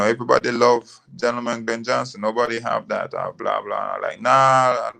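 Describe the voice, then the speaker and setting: A man with a gravelly, bright voice, talking as a guest in a casual interview. He tells his stories in a loose, rambling way and leans on fillers. His voice has a worn, rough grain. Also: low-pitched. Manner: relaxed, rambling storytelling with fillers. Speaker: guest, former boxer.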